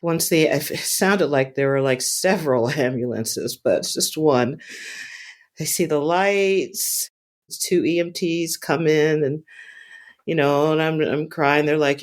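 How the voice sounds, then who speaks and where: A woman telling a personal story in a casual, halting way, often repeating words and restarting sentences. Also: low-pitched. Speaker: storyteller recounting a personal experience.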